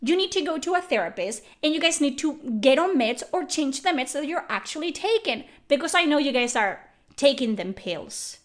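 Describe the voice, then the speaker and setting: A young woman ranting furiously and profanely to camera, yelling at her critics. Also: sits high, animated, moderate pace. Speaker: YouTuber. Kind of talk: angry rant to camera.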